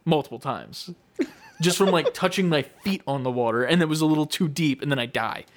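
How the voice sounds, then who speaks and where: Animated young man telling a story. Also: fairly high pitch, fairly quick. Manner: animated storyteller, acts out quoted lines, swears freely. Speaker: podcast co-host. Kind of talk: casual chat.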